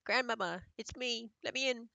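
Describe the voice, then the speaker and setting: A man voicing an excited young boy who has been turned into a mouse. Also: very high voice, normal speed, creaky, no room sound, pitched above the performer's own voice, full character voice.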